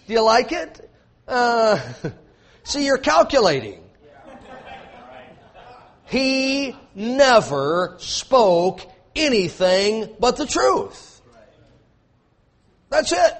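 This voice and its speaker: A man's voice: very high voice, very animated, very slow, pauses often. A man preaching a sermon, emphatic and repetitive, with joking asides to his congregation.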